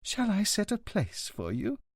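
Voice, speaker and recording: Senhora idosa siciliana, emotiva e insistente, na voz de um homem, tom alto e suplicante, som seco. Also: male voice, big pitch swings, a little slow, creaky, no echo, studio quality, full character voice. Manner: high, pleading, tearful outbursts. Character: elderly Sicilian headmaster's wife, emotional, insistent.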